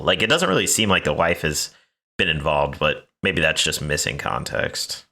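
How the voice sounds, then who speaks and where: A man co-hosts a podcast in casual, rambling chat, leaning on "like" as he thinks aloud. His voice sits very low, yet has a bright, forceful ring to it. He sounds easygoing and quick to joke. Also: animated. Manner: loose and rambling, many "like" fillers. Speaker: podcast co-host.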